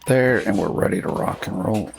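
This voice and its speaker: A man's voice: fairly low pitch, normal speed, vocal fry, a little hiss or hum. A man streaming a game, thinking aloud in casual, rambling commentary and saying he is losing his voice. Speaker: gaming streamer.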